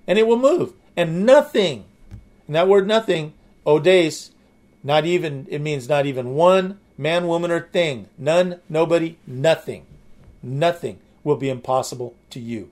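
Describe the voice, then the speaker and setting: A man's voice: fairly high pitch, measured pace, darkish tone. A man preaching a sermon, explaining the meanings of words with enthusiasm and frequent restarts. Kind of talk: sermon teaching.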